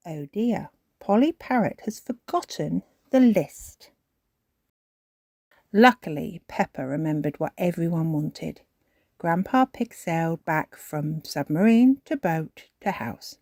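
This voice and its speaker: A woman reads a children's storybook aloud at an unhurried pace. Her pitch lilts and swoops expressively, and the sound is close and dry. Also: dry recording. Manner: slow, expressive reading.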